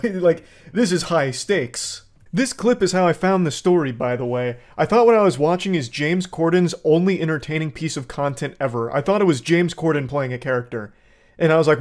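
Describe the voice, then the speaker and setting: Man, sarcastic reaction commentary, animated, slightly high voice. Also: a little fast.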